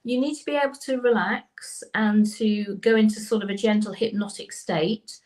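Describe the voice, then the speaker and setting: A woman's voice: medium pitch, normal speed, darkish tone, low-quality recording. Enthusiastic woman explaining, casual co-host. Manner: enthusiastic, explanatory, laughs easily. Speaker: tarot reader and co-host. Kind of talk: casual live-stream chat.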